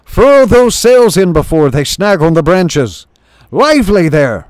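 A man voicing a bossy, boisterous male shrew chief who barks orders to his crew in a high, loud voice. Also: big pitch swings, slow, dry recording, full character voice. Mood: commanding. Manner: barking orders.

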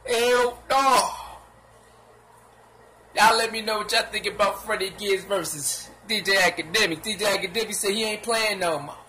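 A man giving casual, animated gossip commentary in slangy talk, laughing and acting out what others said. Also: high-pitched, normal speed. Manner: sound effects and repeated filler phrases.

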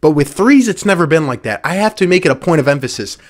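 A man's voice: a little high, expressive, fast. A man from the Philadelphia area hosting a sports show, ranting with sarcastic exasperation and repeating points for emphasis. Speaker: sports podcast host. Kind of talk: angry sports rant.

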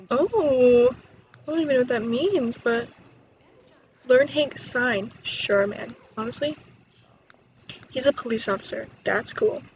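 Excitable high-voiced woman gaming. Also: muffled recording, a little hiss or hum. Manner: excitable, chatty, gasps and laughs. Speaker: gaming YouTuber. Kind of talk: let's play commentary.

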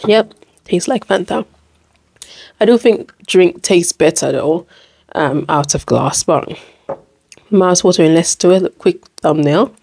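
Low, mellow-voiced woman vlogger. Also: slow pace, vocal fry, pauses often, husky. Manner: relaxed, chatty, eating between remarks. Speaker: mukbang host. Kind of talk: casual eating vlog chat.

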